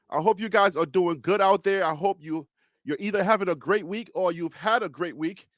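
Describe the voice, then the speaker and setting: A man hosting a live sports talk show, speaking in a calm, reassuring, preacher-like cadence and often repeating and restarting phrases. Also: high-pitched, moderate pace, no room sound, clean studio sound.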